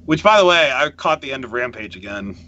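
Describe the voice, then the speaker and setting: A man co-hosting a podcast in casual chat, rambling and excitable, laughing often. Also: mid-range voice, brisk, highs cut off. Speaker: podcast co-host.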